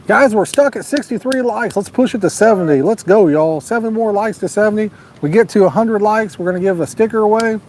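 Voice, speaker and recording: A man's voice: high voice, brisk, hardly any pauses, darkish tone, a little hiss or hum. A man hosting a live fishing stream outdoors at night, chatting casually and reading out viewer comments. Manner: laid-back, drawling, urges viewers to like and subscribe. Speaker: fishing livestream host. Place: outdoors at a lake at night, storm nearby.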